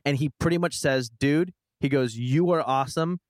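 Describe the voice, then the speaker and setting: A man in his twenties hosting a podcast, telling a long story in casual chat, rambling and animated with frequent restarts. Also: on the high side, moderate pace, dry recording. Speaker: podcast host.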